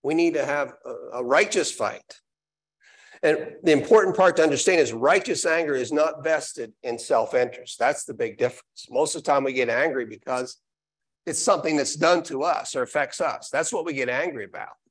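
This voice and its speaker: Speaking at a moderate pace in a slightly high voice, a man delivers a live sermon in a church sanctuary. He reads scripture aloud, then restates it with emphatic repetition.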